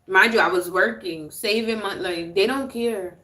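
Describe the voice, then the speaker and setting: A woman's voice: mid-range voice, moderate pace, bright, forceful tone. A woman, chatting casually with viewers on a livestream, laughing often and reading out names. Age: 30s. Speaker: livestream host. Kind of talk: casual live chat with viewers. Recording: roomy echo.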